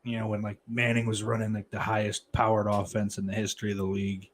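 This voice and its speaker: A man's voice: lowish voice, completely flat delivery, fast talker, slight background noise. A man hosting a live podcast stream, talking casually and sardonically with plenty of profanity and mock threats. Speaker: podcast host reading live chat.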